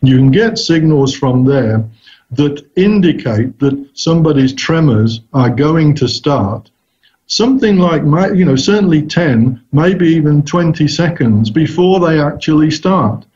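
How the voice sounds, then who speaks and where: A man as an interview guest who talks about research thoughtfully, often pausing and restarting his sentences. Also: a little high, lively intonation, darkish tone. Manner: thoughtful, hesitant, frequent restarts. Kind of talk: casual interview answers. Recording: dull lo-fi recording.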